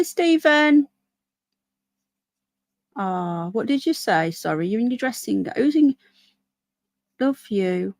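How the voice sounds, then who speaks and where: A hoarse woman live-streaming outdoors in a small town, chatting with viewers and reading news aloud. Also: medium pitch, dry recording. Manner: chatty, reads out viewer comments and news text. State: hoarse, voice keeps going. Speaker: livestreamer.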